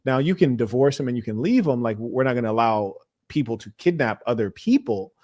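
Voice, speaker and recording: A man hosting a confrontational call-in show, speaking in a measured way and talking over callers with repeated commands. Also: medium pitch, lively intonation, warm tone. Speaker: host.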